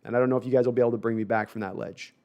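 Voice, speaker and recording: A man with a gravelly, mid-range voice hosts a casual live sports talk stream. He rambles through viewer comments with self-deprecating asides and keeps restarting his sentences. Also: mid-range voice, steady tone, very fast, a little mellow. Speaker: host reading viewer comments.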